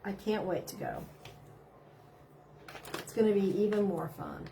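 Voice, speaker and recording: A woman's voice: medium pitch, unhurried, vocal fry, noisy background. A middle-aged woman, chatting casually on a live stream and reading out viewer comments, bubbly and giggly. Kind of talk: casual chat.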